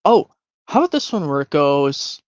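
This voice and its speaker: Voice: mid-range voice, sing-song, normal speed, no echo, muffled recording. A streamer hosting a voice-impressions game, chatting casually and rambling, thinking aloud with hums and restarts.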